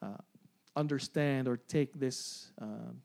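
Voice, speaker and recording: A man's voice: medium pitch, slow pace, creaky, a little mellow. A man in his forties preaching a sermon, often repeating phrases, asking the congregation "amen?" and "right?", and laughing along. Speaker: pastor.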